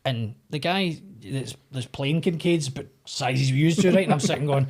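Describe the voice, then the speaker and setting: A Scottish man, an actor and podcast guest, telling a long anecdote in a casual, animated way, acting out the voices of the people in it. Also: mid-range voice, moderate pace. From Scotland. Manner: animated anecdote-telling, acts out quoted voices, swears freely. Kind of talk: casual storytelling.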